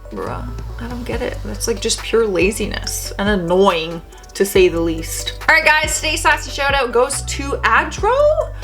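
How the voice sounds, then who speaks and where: A young Canadian woman hosts a reaction video from her bedroom, her voice a little high and her pace normal, with soft music in the background. Her casual commentary is chatty and animated, full of sassy asides.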